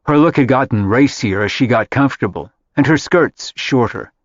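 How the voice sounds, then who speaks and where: A man reading a contemporary novel aloud in scripted narration, measured and even. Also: mid-range voice, no echo. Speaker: audiobook narrator. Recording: dry, slightly dull audiobook audio.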